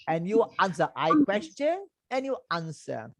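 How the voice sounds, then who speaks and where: Patient teacher drilling German words. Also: male voice, sits high, huge pitch swings, unhurried, no room sound. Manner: patient, repeats words and drills pronunciation, frequent "eh?". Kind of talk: online language lesson. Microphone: video call.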